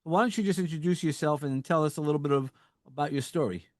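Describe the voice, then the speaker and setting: A man's voice: on the high side, quick pace, no echo, clean studio sound. A man with a New York accent hosting a podcast, upbeat and friendly, often saying "you know". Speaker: podcast host. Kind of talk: casual interview chat.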